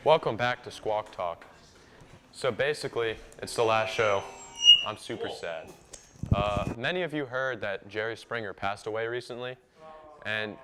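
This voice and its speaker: A man's voice: medium pitch, background noise. A young man hosting a casual talk show, upbeat and chatty, asking his guest questions. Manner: upbeat and chatty, laughs between lines. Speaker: host. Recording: music in the background.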